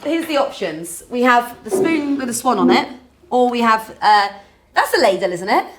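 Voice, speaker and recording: A woman's voice: fairly high pitch, sing-song, moderate pace, a loud crowd. A woman hosting a cooking show, teasing and bantering with her co-host. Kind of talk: casual cooking chat.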